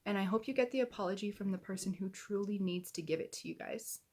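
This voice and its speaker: A woman's voice: medium pitch, fast talker, a little mellow. A woman giving heated, indignant reaction commentary to camera, swearing as she gets angry. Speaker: YouTube commentator.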